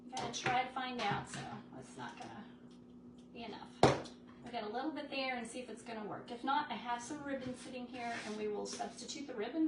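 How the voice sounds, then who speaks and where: A high-pitched woman, far from the microphone, runs a craft livestream, chatting casually and greeting viewers by name while she works. The sound comes from a phone on a stand in an echoey room and is noisy.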